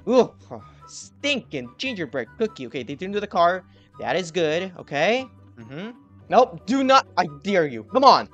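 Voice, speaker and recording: A young man giving excited gameplay commentary, trash-talking and yelling at other players. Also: sits high, a little slow, highs cut off, soft background music. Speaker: gaming youtuber.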